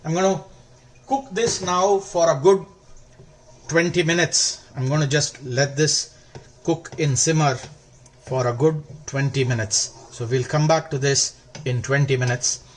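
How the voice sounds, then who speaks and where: Man with a higher voice demonstrating a recipe. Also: measured pace, slight background noise. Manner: calm, step-by-step instructional; stretches words for emphasis. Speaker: cooking channel host. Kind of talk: cooking demonstration.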